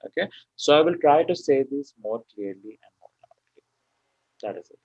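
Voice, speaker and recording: Male tutor, mid pitch, running an online lesson with lots of fillers; dry, muffled call audio. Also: lively intonation, normal speed, a little mellow, slight background noise. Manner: explains step by step with many fillers like okay and you know. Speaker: PTE exam tutor. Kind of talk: online class lecture.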